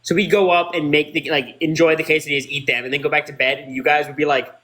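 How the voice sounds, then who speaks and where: Young male guest, bright slightly high voice, jokey and rambling. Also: flat delivery, fast talker, a little hiss or hum. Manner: joking, uses like a lot. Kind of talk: casual chat.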